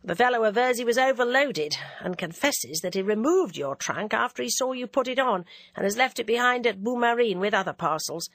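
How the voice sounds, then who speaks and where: A woman voicing a kind, courteous young gentleman in a storybook reading, polite and reassuring. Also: a little high, expressive, a little fast, dry recording.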